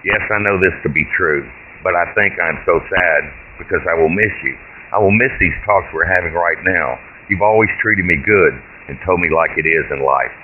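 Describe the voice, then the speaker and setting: A man's voice: low-pitched, moderate pace, natural voice. A man voicing a nervous, dutiful young great-grandson in a short story, speaking hesitantly and earnestly. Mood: anxious. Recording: tinny phone-like line with hiss.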